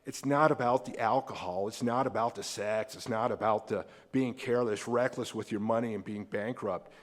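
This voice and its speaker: An American man preaching a sermon as a pastor, animated and acting out the people in the story with big jumps in voice. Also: moderate pace. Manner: animated, acts out quoted characters with big pitch jumps. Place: church sanctuary. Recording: long hall reverb.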